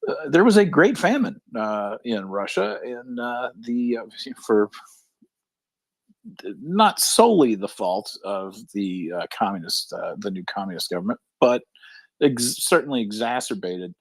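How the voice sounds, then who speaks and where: Hesitant low-voiced man in a call-in discussion. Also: sing-song, no room sound. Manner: halting, many fillers and restarts. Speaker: caller in a live audio discussion. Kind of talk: casual discussion.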